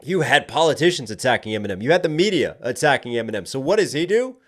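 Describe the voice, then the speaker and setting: A man's voice: medium pitch, big pitch swings, fast, a bit bright. Man breaking down rap lyrics. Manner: analytical, talks with lots of "like" fillers; gets emphatic when making a point. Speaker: rapper reacting to songs. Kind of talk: music reaction commentary.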